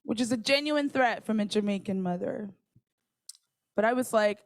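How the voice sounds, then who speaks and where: A woman telling a personal story in a lively, conversational way, often checking in with her listeners and laughing between lines. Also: mid-range voice, moderate pace.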